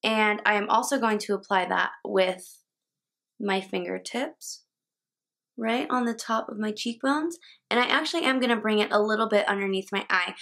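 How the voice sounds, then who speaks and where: In a slightly high, fairly bright voice, a young beauty vlogger casually walks through her makeup routine indoors at home as a tutorial. She occasionally fumbles a word and laughs it off.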